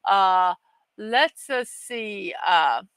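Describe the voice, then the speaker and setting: A woman's voice: medium pitch, lively intonation, very slow, a bit bright, clear, resonant tone, no echo, low-quality recording. A woman hosting a daily morning livestream in casual chat, reading viewer comments aloud with easy laughter and poking fun at herself. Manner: chatty and self-deprecating, laughs often, reads chat aloud.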